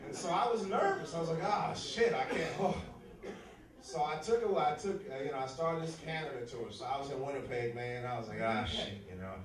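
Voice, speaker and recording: Profane American stand-up comedian, slightly high voice, on stage in an echoey club with a roaring crowd. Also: male voice, a little fast, far from the mic. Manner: profane, animated storytelling. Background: laughing audience.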